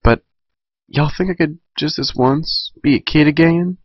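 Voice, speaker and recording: A man's voice: fairly high pitch, measured pace, husky, no echo, dull audio, voice pushed up. A man voicing a stubborn young farm mare with a Southern US drawl. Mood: tearful.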